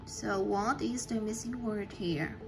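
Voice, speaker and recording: A woman's voice: mid-range voice, over music. A woman teaching an English class, patiently checking answers and praising students often. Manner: slow, patient.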